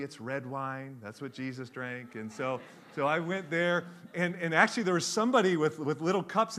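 Middle-aged guy preaching, bright sharp voice, a bit high, jokes around. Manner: animated storytelling with jokes, varied pace. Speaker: pastor. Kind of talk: sermon.

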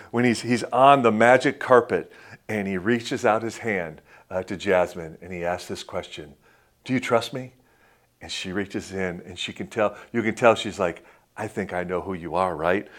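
A male pastor delivering a sermon in a casual, conversational way. His voice sits at a middle pitch and often sinks to a soft hush, and his talk is full of friendly asides like "man" and "right?". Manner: frequent filler "man" and "right?".

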